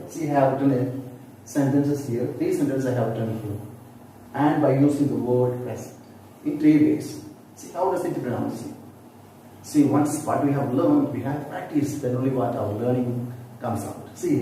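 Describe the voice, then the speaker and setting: A man's voice: medium pitch, mellow. A man teaching a lesson, patiently explaining and repeating example words aloud for practice. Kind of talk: classroom-style explanation. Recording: very echoey room, distant mic, faint background noise.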